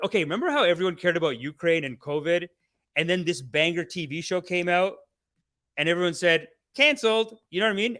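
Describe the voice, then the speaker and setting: A man hosting a casual live stream, rambling and swearing excitably, often laughing mid-sentence. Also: fairly high pitch. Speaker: host.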